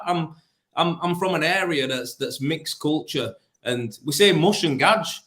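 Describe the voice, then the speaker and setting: A man's voice: on the high side, unhurried, a bit bright. A man with a broad Yorkshire accent, a plasterer telling blunt stories in a casual interview, full of restarts and fillers. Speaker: plasterer and business owner. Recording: roomy echo.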